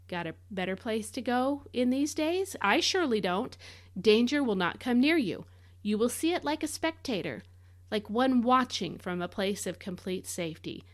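A woman's voice: mid-range voice, lively intonation, moderate pace. A woman hosting a devotional podcast, reading scripture and explaining it in an earnest, conversational and emphatic way. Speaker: podcast host, Bible teacher. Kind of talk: devotional Bible teaching.

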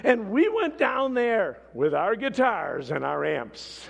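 Brief: male pastor mid-sermon, husky and unhurried, storytelling with big dynamic swings, in a large echoing hall. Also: high voice, dull audio. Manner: storytelling, animated swings between hushed and shouted. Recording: long hall reverb.

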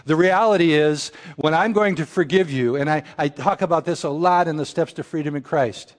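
A man preaching an earnest sermon, often dropping his voice low and slow for quoted prayers. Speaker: pastor.

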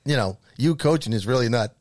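Fast-talking man co-hosting a podcast. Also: medium pitch, lively intonation, darkish tone, dry recording, studio quality. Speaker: podcast co-host. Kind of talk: casual podcast banter.

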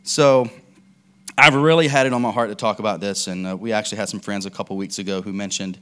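A man's voice: lowish voice, a bit bright, smooth. A man preaching a casual, conversational sermon, telling stories with lots of fillers and restarts.

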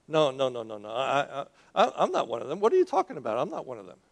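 A man's voice: on the high side, fairly quick, darkish tone, lightly acted. A man voicing a flustered male apostle who insists, defensively, that he is not a follower. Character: flustered male apostle denying his teacher.

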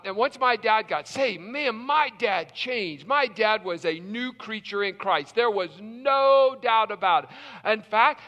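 A man's voice: extremely high pitch, sharp tone, in a large hall. A middle-aged man preaching a sermon from South Carolina, telling a personal story with emphatic repetition. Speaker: pastor.

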